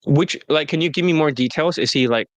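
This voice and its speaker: A man's voice: a little high, fairly quick, no room sound. A man who is a dating coach hosting a casual interview, talking bluntly with lots of swearing and mockery. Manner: blunt, profane, mocking. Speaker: dating coach and show host.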